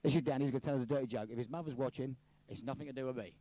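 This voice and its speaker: A man interviewing people for jokes, jovial and quick to laugh. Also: medium pitch, mellow. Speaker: street interviewer collecting jokes. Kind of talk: vox-pop banter.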